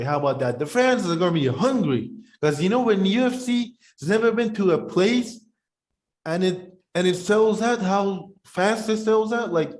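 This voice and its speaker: A man co-hosting a podcast in casual, rambling chat, animated and talking while eating. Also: sits high. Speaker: podcast co-host.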